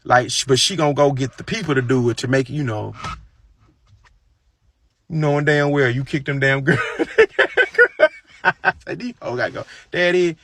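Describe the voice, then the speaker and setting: Gravelly, profane man ranting casually. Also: normal speed, pauses often, a bit bright. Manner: profane, gossipy, breaks into high falsetto singing and mimicry. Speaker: streamer. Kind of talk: casual rant.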